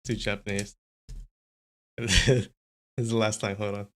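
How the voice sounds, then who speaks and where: A man's voice: lowish voice, flat delivery, measured pace. Chatty man hosting a live stream. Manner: chatty, amused, talks to chat. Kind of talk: casual live-stream chat.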